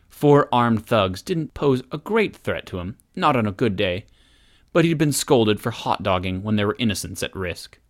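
A man narrating an action story aloud as an audiobook reader, in a steady, measured way. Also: fairly low pitch. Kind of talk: scripted narration.

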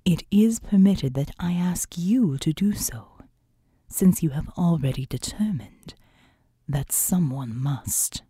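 A serene female seraph, grave and gentle, speaking low and slow in a breathy half-whisper, as a woman puts her on in an audiobook. The tone is mellow and dry, close to the ear. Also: expressive, dry recording, full character voice. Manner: hushed, slow, deliberate delivery. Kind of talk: audiobook reading.

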